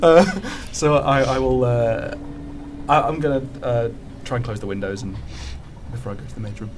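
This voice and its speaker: A man playing a tabletop role-playing game, switching into a pompous, posh gentleman character. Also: medium pitch, fairly quick, background noise. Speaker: player.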